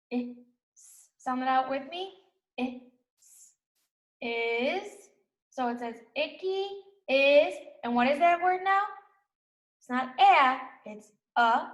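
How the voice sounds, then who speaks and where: Slow, high-voiced teacher in an echoey room. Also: female voice. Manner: slow, sounds out letters and words, encouraging. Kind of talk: recorded reading lesson for young children.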